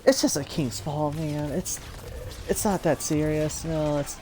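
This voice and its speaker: A man's voice: fairly high pitch, unhurried, a little mellow, a little hiss or hum. A man telling a casual story-time monologue about his online gaming groups, rambling and laid-back with lots of fillers and laughs. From United States.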